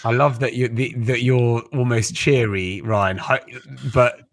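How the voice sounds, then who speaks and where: A man co-hosting a casual rugby podcast, speaking easily and letting his sentences trail off softly. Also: medium pitch, a little slow, no echo. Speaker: podcast co-host.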